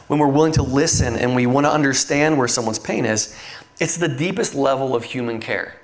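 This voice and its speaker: A man's voice: medium pitch, normal speed. Earnest middle-aged male preacher. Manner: earnest, conversational preaching with fillers. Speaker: pastor. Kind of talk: sermon.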